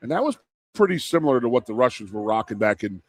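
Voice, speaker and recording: A man in his fifties, a radio co-host and former football player, telling rambling, animated sports stories in casual chat. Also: medium pitch, fast. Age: 50s. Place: live broadcast from a restaurant.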